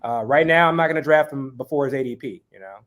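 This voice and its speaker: A man's voice: mid-range voice, fast, a bit bright. A man as an interview guest in casual chat, talking in long rambling runs full of fillers.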